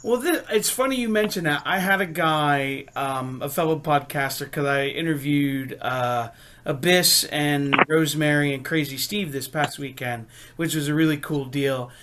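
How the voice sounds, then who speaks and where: Male podcast host, higher pitch, bright tense tone, quick agreeable interjections. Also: a little hiss or hum.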